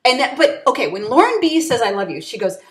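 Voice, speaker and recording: This woman sits at home chatting through a reality show recap. Her voice sits a little high and swings widely as she talks. She rambles, restarts and swears casually. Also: quick pace, echoey room. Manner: animated, swears, breaks into high excited quoting. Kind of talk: casual chat. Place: at home, dog nearby.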